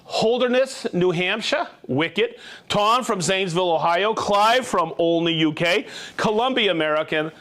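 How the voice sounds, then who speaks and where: A man hosting a live-streamed show, reading out viewers' names and towns in a quick, jokey, upbeat way. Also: high-pitched, lively intonation, a bit bright. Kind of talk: casual live-stream shout-outs.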